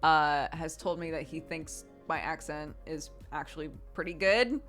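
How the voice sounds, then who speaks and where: A woman in her thirties, a streamer casually answering chat questions in a relaxed, chatty way and laughing often. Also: sits low, a little slow, faint music behind.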